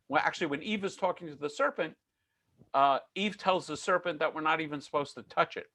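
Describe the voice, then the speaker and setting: Gravelly, chatty male myth lecturer. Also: a little high, animated, moderate pace, sharp tone, no echo. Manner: conversational, digressive, joking. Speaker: lecturer on Jewish myths. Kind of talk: online lecture.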